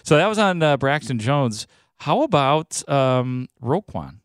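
A man's voice: mid-range voice, very animated, unhurried, clean tone, dry recording, clean studio sound. A man hosting a sports radio show, talking in a casual, loose way with frequent restarts. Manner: chatty, loose, lots of restarts.

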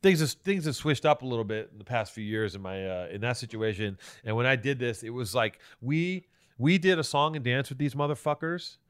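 A man's voice: medium pitch, a little fast, smooth. A man co-hosting a podcast, telling a long story in casual chat, swearing often and restarting his sentences. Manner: rambling, profane storytelling with many restarts. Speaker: podcast co-host.

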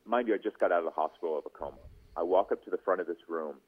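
A deep, breathy-edged voice comes through tinny phone-line radio audio, talking very fast. The speaker is a podcast host and news anchor guesting on a casual radio interview, animatedly telling his story and voicing the people he quotes.

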